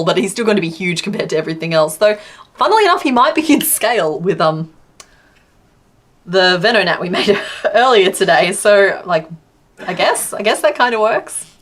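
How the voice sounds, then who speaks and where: An Australian woman talks casually through a live stream as she crochets. She reads out comments from her chat and answers them in an easy, chatty way, laughing often. Her voice sits at a middle pitch. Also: lively intonation, moderate pace.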